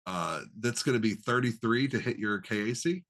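A man running a tabletop role-playing session as game master. His pitch swings widely as he explains rules and narrates what the enemy does. He sounds relaxed and chatty. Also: normal speed. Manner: animated, explains rules, voices reactions.

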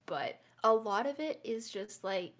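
A woman's voice: fairly high pitch, expressive, measured pace, fairly bright tone. A woman from Canada on a podcast panel, chatting casually and telling a game story with animation. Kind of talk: casual chat.

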